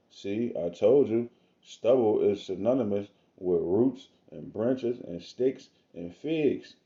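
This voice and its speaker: A man reading scripture aloud in a casual, slangy manner, with drawn-out asides between the verses, recorded on a phone or webcam. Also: fairly low pitch, dull audio. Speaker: self-styled preacher.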